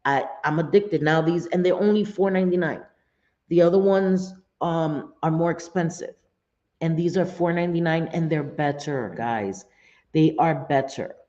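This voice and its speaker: A woman's voice: low voice, normal speed, dark tone. A middle-aged woman hosting a casual live stream, talking in a rambling, blunt, profane way. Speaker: livestream host. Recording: dull lo-fi stream audio.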